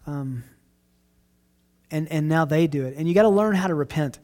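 A middle-aged man, a pastor, answering questions in earnest, relaxed talk, often restarting his phrases. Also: a little high, normal speed. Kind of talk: casual Q&A talk.

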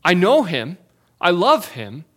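A male pastor preaching a Sunday sermon in a church, earnest and pleading, often dropping to softer phrases. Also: high-pitched, huge pitch swings, slow. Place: church sanctuary.

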